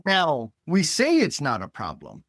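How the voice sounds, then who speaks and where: A man's voice: fairly high pitch, huge pitch swings, measured pace, fairly bright tone, no room sound, studio quality. A man hosting a podcast interview, telling stories in a blunt, emphatic way. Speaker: podcast host. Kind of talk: casual interview chat.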